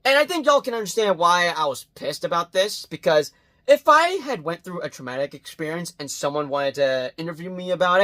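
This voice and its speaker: A man doing a casual movie review vlog, talking bluntly and swearing, swinging between loud outbursts and quiet muttered asides. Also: fairly high pitch. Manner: blunt and profane.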